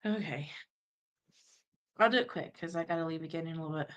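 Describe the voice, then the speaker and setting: A woman with a Texan accent and a stuffy nose from a cold, soft-spoken and a little shy in casual chat. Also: low-pitched, fast.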